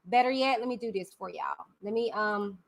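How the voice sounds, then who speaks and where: A woman hosting a live stream on a video call, chatty and warm with her viewers. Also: mid-range voice, expressive, normal speed, gravelly. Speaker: host.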